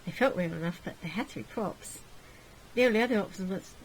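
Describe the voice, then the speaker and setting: A woman's voice: medium pitch, fairly quick, a little hiss or hum, poor audio. A woman hosting a gaming video, reading a visual novel aloud in a sarcastic, jokey manner.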